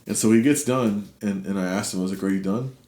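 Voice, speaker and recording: Talking fast, this middle-aged interview guest recounts something from his own life with real earnestness. His delivery swings from lively to hushed and subdued, captured in a space with a roomy echo.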